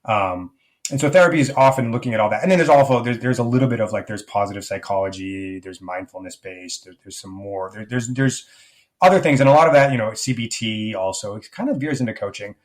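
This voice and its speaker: A man's voice: lowish voice, quick pace. Reflective man musing with fillers. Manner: reflective, rambling with many fillers and restarts. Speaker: life coach guest. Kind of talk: conversational podcast interview.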